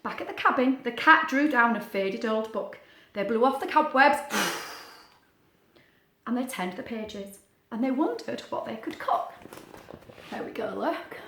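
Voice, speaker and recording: Her voice a little high and her pace a little slow, a woman teacher hosts a storytime read-aloud for young children. She's playful and sing-song, chatting animatedly with a puppet between pages. The recording has an echoey, roomy quality.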